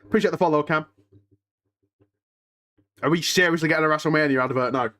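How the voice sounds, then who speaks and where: Chatting to his audience on a live-stream watch-along, this young man answers chat while staying restless and emotional, with frequent sighs and mutters. He speaks briskly in a fairly high voice that's a bit bright.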